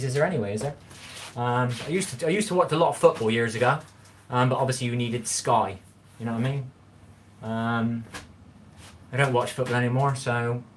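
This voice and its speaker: A man's voice: medium pitch, a little hiss or hum. Rambling man chatting on a livestream. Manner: rambling, chatty, repeats himself, talks straight to viewers. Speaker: livestream host reading chat. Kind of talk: casual live-stream chat while cooking.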